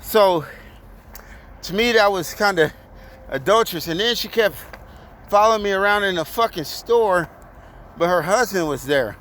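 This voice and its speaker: Man, high voice, profane animated storyteller, faint outdoor traffic behind. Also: normal speed, pauses often. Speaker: vlogger. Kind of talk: casual storytelling rant.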